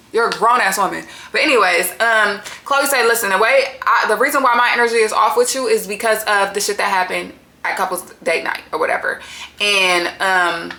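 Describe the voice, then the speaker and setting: A woman's voice: mid-range voice, pushed and bright. Blunt, cursing woman recapping reality TV. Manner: blunt, exasperated, heavy cursing. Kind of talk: casual profane recap commentary. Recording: echoey room.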